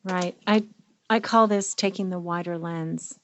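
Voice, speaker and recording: A woman's voice: fairly low pitch, fairly even intonation, measured pace. A middle-aged woman co-hosting a therapy podcast, talking reflectively and with emotion. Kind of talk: casual conversational podcast.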